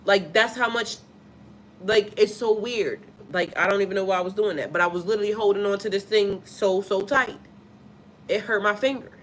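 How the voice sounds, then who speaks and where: A spiritual life coach, an adult woman with a child, talks bluntly, emphatically, and with plenty of profanity during a casual live stream, stopping to read viewers' comments. Her voice is mid-range at a moderate pace, and the audio has a little hiss or hum.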